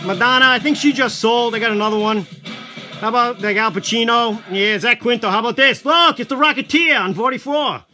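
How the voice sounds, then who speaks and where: Man, high and very bright voice, loud rambling livestream seller, music under him. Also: brisk. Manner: loud, rambling, talks to viewers while showing items. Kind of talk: casual live-stream chat. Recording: music playing behind. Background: background music.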